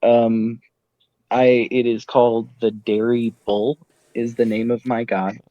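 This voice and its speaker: A man's voice: medium pitch, level tone, takes it slowly, dark tone, dry recording. A man playing in a tabletop game, chatting in an easygoing, laid-back way. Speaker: player. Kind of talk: casual tabletop game chat. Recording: dull dry lo-fi audio.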